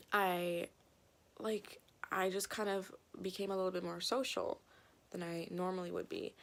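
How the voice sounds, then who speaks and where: A woman's voice: fairly low pitch, creaky. A woman in her twenties, a vlogger telling a story to her camera in a rambling, casual way, full of fillers and casual swearing. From Canada. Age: 20s. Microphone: compact camera mic.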